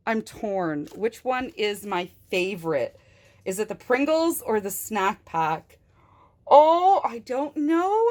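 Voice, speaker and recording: Young woman toy reviewer, high bright voice, unhurried, gushes over every find. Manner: gushing and excitable, with gasps and squeals of delight.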